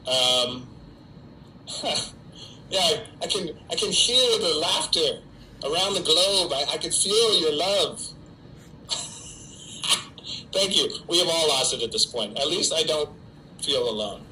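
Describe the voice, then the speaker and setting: The middle-aged actor's voice sits on the high side, pushed and bright, and he speaks slowly. Chatty and self-deprecating, he answers fans' typed questions on a casual solo livestream from his quarantine home, talking to viewers he can't see. Slight background noise comes through on a rough recording.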